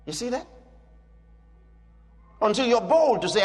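A man preaches in a very high, lively voice, hammering home his points by repeating them. The sound carries a long hall reverb, with soft music under it. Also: measured pace, long pauses. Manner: emphatic, repeats declarations. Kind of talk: sermon.

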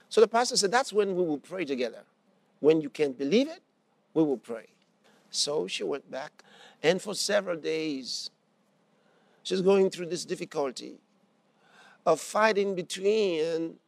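A man delivers a sermon in a high voice with a gravelly edge. He tells a story and acts out its characters' lines, driving points home by repeating them. The sound is close and dry. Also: no room sound. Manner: repeats phrases for emphasis. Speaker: preacher.

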